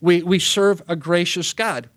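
Pastor preaching, slightly high voice. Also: male voice, a bit bright. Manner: reads scripture aloud quickly, then preaches with earnest emphasis. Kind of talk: sermon with scripture reading.

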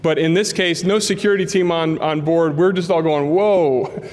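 A man's voice: fairly high pitch, fairly quick. A man preaching a sermon in a church, telling stories and acting out the voices of people in them. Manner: animated storyteller acting out dialogue. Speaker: pastor. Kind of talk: sermon storytelling. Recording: long reverb of a large hall.

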